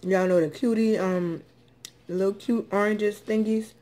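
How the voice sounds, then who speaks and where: A woman's voice: medium pitch, steady tone, normal speed, warm tone, slight background noise. A woman chatting casually in an eating vlog, drawling and chatty with lots of ums, as dishes and cutlery clink behind her. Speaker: food vlogger. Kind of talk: casual mukbang eating chat.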